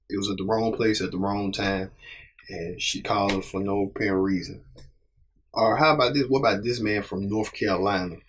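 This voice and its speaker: Man, show host, low pitch, halting, repeats himself, casual commentary. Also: a little hiss or hum.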